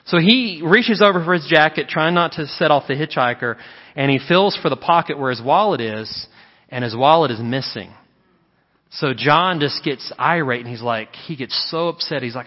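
A man pastor preaching a sermon in a church, telling stories in an animated way and acting out the quotes. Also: on the high side, brisk. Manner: animated storytelling with acted quotes. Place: church sanctuary. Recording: muffled sound with long hall reverb.

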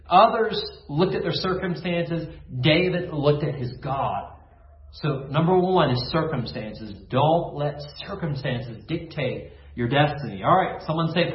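A male pastor delivers a devotional in call-and-response style, asking his listeners to repeat each phrase after him. His voice sits a little high. The recording sounds echoey and slightly muffled. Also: lively intonation, unhurried. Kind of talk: online sermon devotion.

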